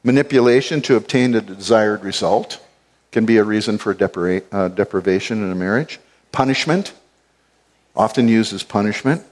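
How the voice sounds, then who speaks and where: A man's voice: fairly low pitch, moderate pace. A man giving an expository Bible teaching, explaining word meanings and repeating key phrases for stress.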